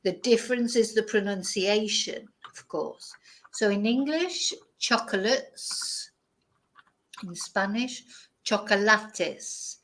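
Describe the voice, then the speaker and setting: Slow-paced woman teaching vocabulary. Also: medium pitch, poor audio. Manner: slow, careful pronunciation drills. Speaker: language teacher. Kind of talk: bilingual vocabulary lesson.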